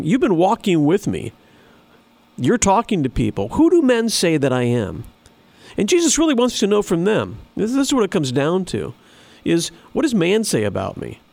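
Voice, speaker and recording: A man's voice: a little high, no room sound. A man preaching a sermon in an earnest, emphatic way, repeating phrases for stress. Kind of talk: sermon with scripture reading.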